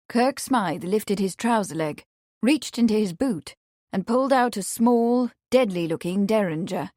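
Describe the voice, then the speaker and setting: A woman's voice: mid-range voice, dry recording, studio quality. Woman narrating a mystery audiobook. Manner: even, measured reading. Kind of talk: scripted narration.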